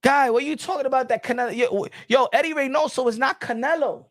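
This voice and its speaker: A man with a notably high voice hosts a casual live boxing stream, talking in long rambling runs that keep circling back with "you know what I'm saying". The sound is close and dry, with no room around it. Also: quick pace, no echo. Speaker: boxing channel host.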